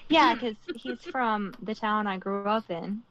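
A woman's voice: mid-range voice, measured pace, fairly bright tone. Woman guest, easygoing chat, dull lo-fi sound. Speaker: podcast guest. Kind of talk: casual chat.

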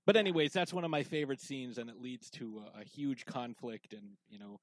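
A man's voice: mid-range voice, fairly quick, no room sound, rough recording. A man co-hosting a casual podcast, talking in a rambling way with lots of fillers and restarts, sipping whiskey as he goes. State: drinking whiskey while talking. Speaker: podcast co-host.

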